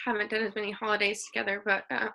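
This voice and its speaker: Emotional woman with a gravelly, bright voice. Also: mid-range voice, little pitch movement, rapid-fire. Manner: emotional, laughing through tears. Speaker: cousin sharing a memory. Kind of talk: memorial video call remarks. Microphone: video call.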